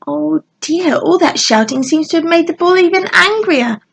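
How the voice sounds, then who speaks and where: A woman's voice: very high voice, expressive, normal speed, vocal fry, fairly bright tone, a little hiss or hum, voice pushed up, full character voice. A sweet playful fairy girl, read by a woman. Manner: whispering, sweet.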